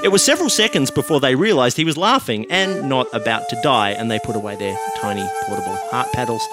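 Man reading a comic story, deadpan, animated, with music under the voice. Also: mid-range voice, fast. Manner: deadpan, laughing at his own jokes. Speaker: podcast host and storyteller.

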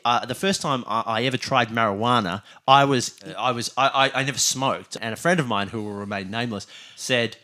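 A man's voice: mid-range voice, fairly quick, few pauses, pushed and bright. A man co-hosting a casual show, telling an anecdote in a hesitant way, full of restarts and chuckles. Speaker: podcast co-host.

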